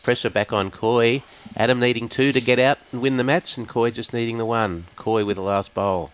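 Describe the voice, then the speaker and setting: A man commentating live lawn bowls, calling each shot in a measured way and weighing up the players' options. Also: medium pitch, fairly even intonation, clear, resonant tone, rough recording. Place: bowls club.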